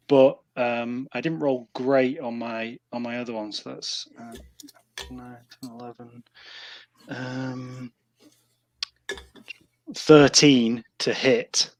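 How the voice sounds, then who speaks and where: A man's voice: mid-range voice, takes it slowly, darkish tone. A man playing a tabletop game, hesitantly describing his character's moves, with many fillers. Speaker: player.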